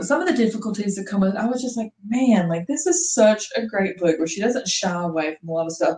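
A woman's voice: mid-range voice, darkish tone, rough recording. A woman in her thirties co-hosting a casual book chat, talking with lots of fillers and quoting herself. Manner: chatty, filler-heavy with acted quotes. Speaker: podcast co-host.

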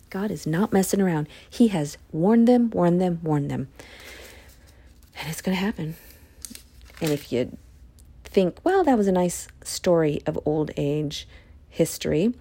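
A woman reading scripture aloud and explaining it in a casual, expressive way, sometimes dropping into a hushed whisper. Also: fairly low pitch, measured pace, long pauses. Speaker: Bible study podcaster. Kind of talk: casual Bible reading with commentary.

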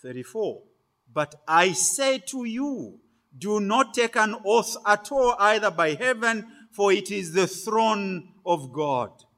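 A man preaching a sermon, delivering it phrase by phrase with sudden loud stresses on key words. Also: high-pitched, sing-song, takes it slowly.

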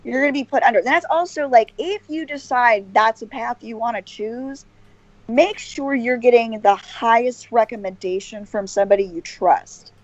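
A woman's voice: a little high, normal speed, no echo. Brief: woman interview guest, earnest and rambling, dry close sound, slightly muffled recording. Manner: earnest, rambling, many restarts and fillers. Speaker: podcast guest. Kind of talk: casual interview chat.

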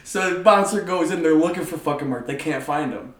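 A man's voice: on the high side, brisk, crowd noise. A man telling a rowdy story in casual, profane chat. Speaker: podcast host. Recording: echoey room.

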